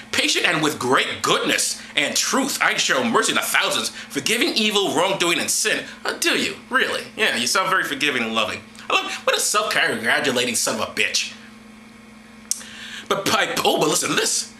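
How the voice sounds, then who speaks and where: A man's voice: on the high side, sharp tone, roomy sound, slight background noise, rough recording. A man reading scripture aloud and breaking off into mocking, profane, sarcastic asides. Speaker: vlogger.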